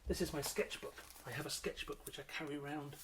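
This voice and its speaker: A middle-aged man, a children's illustrator, chatting in a friendly, unhurried way to children while he draws, with frequent ums. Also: fairly high pitch, steady tone, background noise. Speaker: children's author and illustrator leading a drawing workshop.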